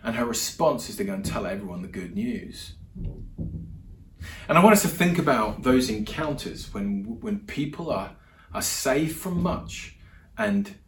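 A man preaching a sermon, retelling Bible stories in a lively, conversational way with frequent restarts and repeated words. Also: medium pitch, far from the mic, a little hiss or hum. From England. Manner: animated, repeats words, acts out voices in stories. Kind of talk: sermon storytelling. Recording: echoey room, speaker away from mic.

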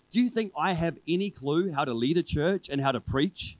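Male pastor, conversational preacher with a slightly high voice, dry close sound, leans on repeated refrains. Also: lively intonation, moderate pace, few pauses, dry recording, rough recording. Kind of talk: sermon. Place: church service with a congregation.

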